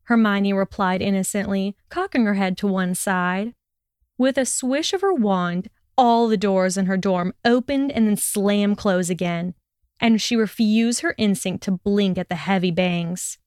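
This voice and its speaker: Female narrator for fiction: steady, expressive, smooth and dry. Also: medium pitch, a little slow, dry recording. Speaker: audiobook reader.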